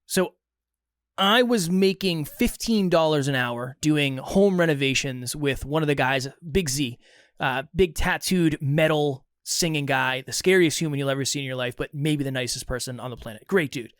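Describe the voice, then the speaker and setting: A man's voice: on the high side, normal speed, clear, resonant tone, dry recording, studio quality. A young adult man from Massachusetts, co-hosting a podcast in casual chat and acting out dialogue as he tells a story. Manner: animated storyteller, acts out quoted dialogue. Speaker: podcast co-host.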